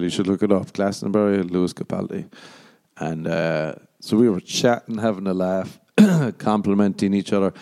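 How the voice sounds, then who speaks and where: Rambling Irish podcast host. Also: male voice. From Ireland. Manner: rambling, animated, jumps into high voices when quoting himself. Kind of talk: casual storytelling monologue.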